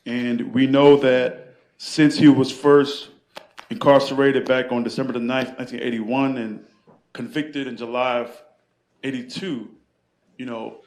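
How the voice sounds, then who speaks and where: A man's voice: medium pitch, a little mellow. A man moderating a live panel event in a bookstore, leading the crowd in call-and-response chants with a rousing cadence. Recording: echoey room.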